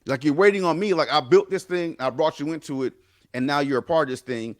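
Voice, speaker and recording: A man's voice: on the high side, quick pace. A man co-hosting a podcast, talking in an emphatic, casual way and repeating his points.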